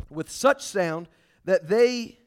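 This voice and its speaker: A man preaching a sermon in a casual, folksy way, emphatic and animated, swinging between loud outbursts and quiet asides. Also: high voice, slow pace, clean tone. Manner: casual folksy phrasing with many restarts.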